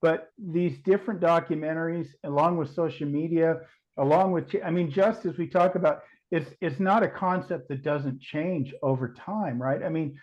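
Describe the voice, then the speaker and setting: A man's voice: a little high, moderate pace, a little mellow, highs cut off. A man talking as a podcast guest, thoughtful and full of restarts and hedges. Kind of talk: casual podcast chat.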